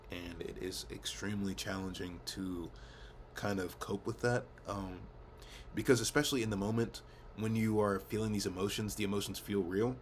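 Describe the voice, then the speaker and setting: A man's voice: deep voice, a little hiss or hum. A young man rambling casually to camera, laid-back, swearing often and laughing at himself. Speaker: vlogger. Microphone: camera mic.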